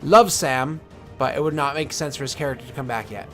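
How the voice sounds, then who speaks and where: A man's voice: medium pitch, brisk, a bit bright, faint music behind. A man streaming casually, rambling and joking to his chat, muttering asides and swearing now and then.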